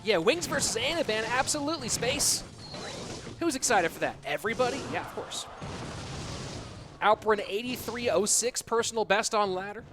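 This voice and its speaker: Excitable high-voiced male game caster. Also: normal speed. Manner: chatty, excitable play-by-play, talks to chat. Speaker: esports caster. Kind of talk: live stream commentary. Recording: music bed behind voice.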